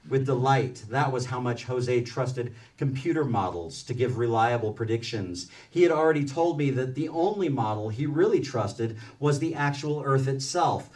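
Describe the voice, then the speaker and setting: A man reads from his book to a library audience, easing into loose, rambling asides full of "uh" and restarts. His voice sounds set back from the microphone, with a mid-range pitch. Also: darkish tone, distant mic. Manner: reads aloud, then speaks loosely with many fillers and restarts. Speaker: author reading from his book. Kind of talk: book reading mixed with casual storytelling. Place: public library event room.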